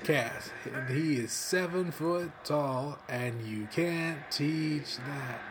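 A man doing an impression of a brash young male wrestler, chanting his ring catchphrases in a slow, drawn-out sing-song. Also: a little high, noisy background. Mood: boastful.

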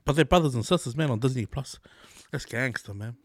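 A man co-hosting a podcast, telling stories in a relaxed casual chat and acting out other people's lines. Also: medium pitch, fairly quick, no room sound, studio quality. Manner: laid-back storytelling, mimics others in quotes. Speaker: podcast co-host.

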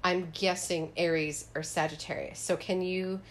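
A woman's voice: lowish voice, steady tone, normal speed. A woman co-hosting a podcast in casual chat, talking emphatically and swearing freely. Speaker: podcast co-host.

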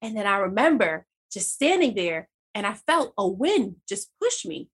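A woman guest telling a personal faith testimony in conversation, animated and acting out her own dialogue. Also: medium pitch, moderate pace, husky.

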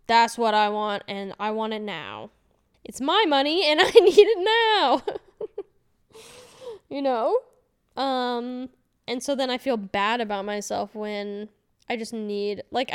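Woman podcast host, casual rambling monologue, frequent laughs, swearing, smooth clear voice, fairly high pitch.

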